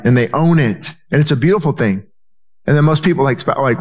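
A man's voice: fairly high pitch, fast. A man preaching a sermon as pastor, earnest and repetitive, often restarting his phrases and acting out the people he quotes.

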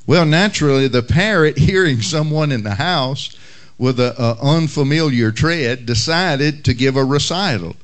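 A male pastor praying and preaching a sermon in a measured, unhurried way, with occasional fillers. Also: mid-range voice, lively intonation. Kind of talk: sermon with prayer and humorous story.

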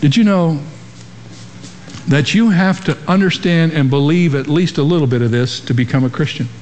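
A man's voice: fairly high pitch, moderate pace, darkish tone. A man preaching a sermon to a congregation in a large church, using emphatic rhetorical questions. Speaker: pastor. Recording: long reverb of a large hall.

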